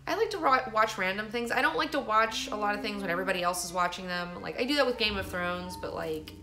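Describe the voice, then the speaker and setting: Speaking quickly at a medium pitch with a sharp tone, a woman vlogger rambles through a profane, casual story. "Like" turns up over and over in her telling.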